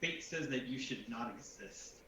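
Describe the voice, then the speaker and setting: A man playing a tabletop game, making quiet wry asides in casual chat. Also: medium pitch, animated, normal speed. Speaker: player. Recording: echoey room, far from mic, background noise.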